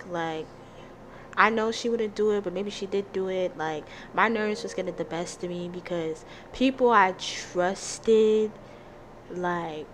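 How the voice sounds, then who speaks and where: A woman in her late teens cutting in to calmly clarify details of her story. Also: mid-range voice, slight background noise. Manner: measured, explanatory correction of the story's timeline. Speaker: vlogger. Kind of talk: inserted voice-over clarification.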